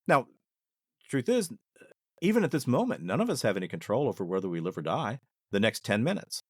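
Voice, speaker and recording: A man sharing personal stories as a podcast guest, with a lively, swinging pitch. He talks casually and reflectively and often restarts his sentences. The recording is dry and close. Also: brisk, dry recording. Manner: animated, reflective, with frequent restarts. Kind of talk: casual storytelling.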